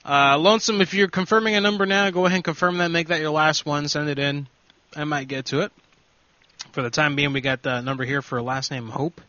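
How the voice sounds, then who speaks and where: A man's voice: fairly high pitch, steady tone, brisk, pushed and bright, no room sound, highs cut off. A man hosting a show, chatting casually and offhand between clips. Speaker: show host. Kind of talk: casual live-show chat.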